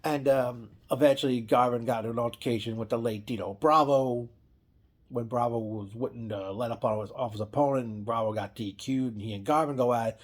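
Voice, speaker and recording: A man's voice: mid-range voice, brisk. A man casually recapping an old wrestling event, rambling with frequent restarts and self-corrections.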